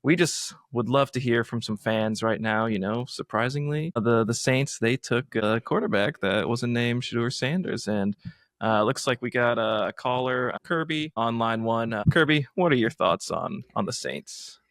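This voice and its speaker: A man playing a local sports radio host, introducing callers in a measured announcer patter. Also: medium pitch, a bit bright, no room sound, clean studio sound, natural voice. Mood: announcing.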